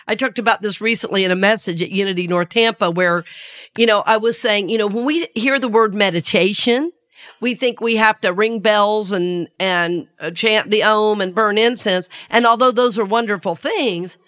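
A woman's voice: mid-range voice, moderate pace, a bit bright. A woman with a Southern US accent hosting a spiritual podcast, talking earnestly and laughing often. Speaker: podcast host and spiritual teacher.

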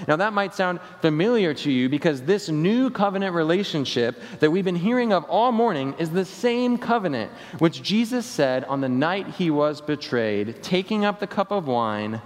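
A man preaching a Sunday sermon as pastor, slowing down and dropping his voice at the ends of key phrases. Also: on the high side, sing-song. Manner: preaching with falling endings and slowed emphatic phrases. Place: church sanctuary. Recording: long reverb of a church hall.

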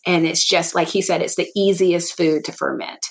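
A woman with a lowish, creaky voice co-hosts a podcast, speaking at a moderate pace. She chats casually and thinks aloud in long, rambling sentences.

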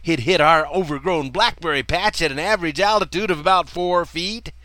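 A man's voice: fairly quick, dry recording. An older man telling a personal childhood story in a folksy way, chuckling often as he talks. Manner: folksy, chuckling often, lively swings in pitch.

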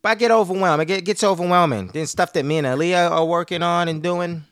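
A man's voice: high-pitched, fast, a bit bright, clean tone, dry recording, clean studio sound. A man in his thirties hosting a podcast, rambling casually and profanely about family life, laughing often. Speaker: podcast host.

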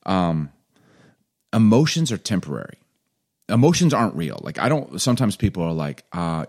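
Co-host, middle-aged man, low voice, chatty and animated, jumps into character voices mid-story. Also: normal speed. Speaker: podcast co-host. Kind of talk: casual chat.

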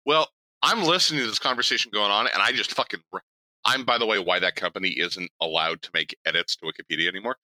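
A man co-hosting a podcast in casual chat. He tells stories in an animated, profane way. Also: on the low side, fast talker, poor audio. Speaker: podcast co-host.

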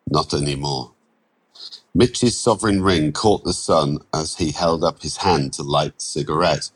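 A man narrating a short story in a calm, measured reading. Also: rumbling low, husky, rough recording.

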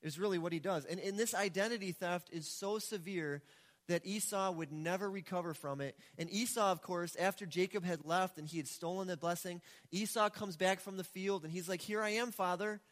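A man's voice: high voice, a little fast. A male pastor delivering a sermon, retelling a story in a casual, conversational way. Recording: echoey hall with long reverb.

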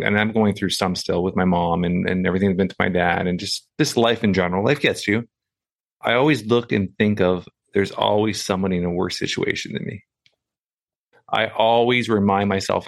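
A man's voice: lowish voice, gravelly. A man hosting a casual podcast conversation, supportive and reflective, often answering with short affirmations.

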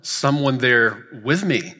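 A man retelling the words of a tearful six-year-old girl in his own voice, soft and earnest, in a reverberant hall. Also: medium pitch, animated, slow, full character voice. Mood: awed, earnest.

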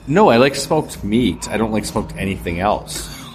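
A man in casual podcast chat, his voice a little on the low side. He is laid-back and wry, tossing in deadpan jokes. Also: unhurried, over music. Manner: dry, wry joking. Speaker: podcast co-host.

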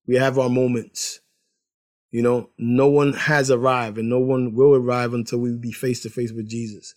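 A man's voice: medium pitch, flat delivery, normal speed, a little mellow. Guy telling a church-style story about his day, rambly, repeats himself a lot. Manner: rambling, repeats words, laughs while telling. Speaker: husband sharing a testimony. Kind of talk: casual faith testimony.

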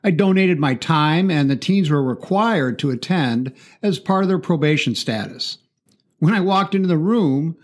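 A man, a martial arts instructor and speaker, telling a first-person story in a calm, confident, measured way. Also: fairly high pitch.

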